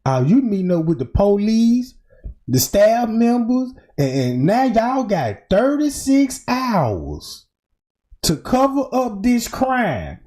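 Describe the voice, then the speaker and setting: Mellow, lively true-crime streamer. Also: slow. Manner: informal, keeps saying "boom" and "right?". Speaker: livestream commentator. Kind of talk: speculative true-crime commentary.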